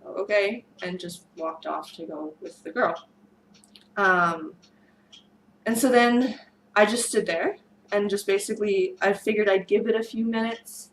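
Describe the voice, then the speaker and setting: A woman whose voice is strained and fraying tells a long storytime to camera. She rambles, circles back and fills pauses with ums, at an ordinary mid pitch. A faint hiss sits under the recording. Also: low-quality recording. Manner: rambling, many fillers and restarts. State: losing her voice. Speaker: vlogger. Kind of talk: storytime monologue.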